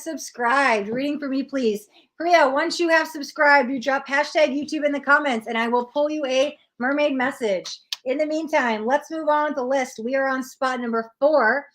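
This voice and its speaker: Blunt, chatty woman tarot reader. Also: sits high. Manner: blunt, chatty, reads out chat comments. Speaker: tarot reader hosting a live stream. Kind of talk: live-stream tarot reading, chatting with viewers.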